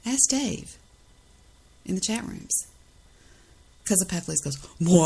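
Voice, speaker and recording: Gravelly, indignant woman podcast host. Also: fairly low pitch, low-quality recording. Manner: indignant, defensive, repeats phrases for emphasis. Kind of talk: ranting monologue.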